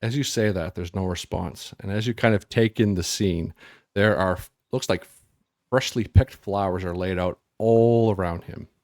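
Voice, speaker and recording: A man running a tabletop game as game master, describing the scene in a halting, loose way with lots of fillers. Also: low voice, no echo, studio quality.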